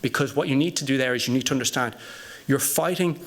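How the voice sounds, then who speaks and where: A man's voice: medium pitch, quick pace, a bit bright. A man on a conference panel, telling an anecdote and posing rhetorical questions to the audience. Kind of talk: panel discussion storytelling.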